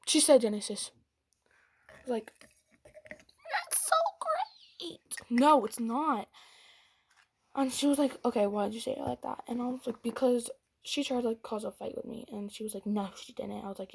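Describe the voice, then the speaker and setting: Speaking a little high with husky vocal fry, this young woman moves at a moderate pace through a dramatic retelling of a fight for her storytime vlog. She drops into whispered asides and quotes people in put-on voices.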